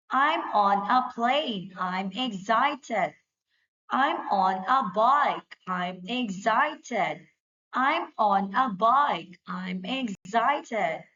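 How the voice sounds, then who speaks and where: A woman leading a young children's English lesson, saying each word or phrase twice in a clear drill style. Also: on the high side, bright, forceful tone, lo-fi sound.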